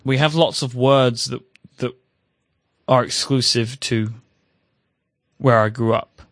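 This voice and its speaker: A man from England with a mid-pitched voice talks in a casual podcast chat. He is self-conscious about his speech and sometimes trips over words. The recording is dry and close. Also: steady tone, takes it slowly, dry recording. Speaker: podcast co-host.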